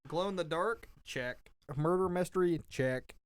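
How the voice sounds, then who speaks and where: A man's voice: high voice, measured pace, clean tone, dry recording. A man co-hosting a casual podcast, reading an article aloud playfully and laughing between phrases. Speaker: podcast co-host.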